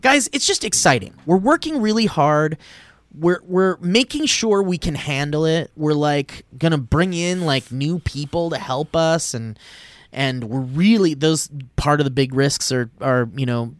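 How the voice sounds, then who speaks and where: A man's voice: a little high, a little slow, no echo. A man co-hosting a casual podcast chat, rambling and upbeat, laughing often as he talks. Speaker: podcast co-host.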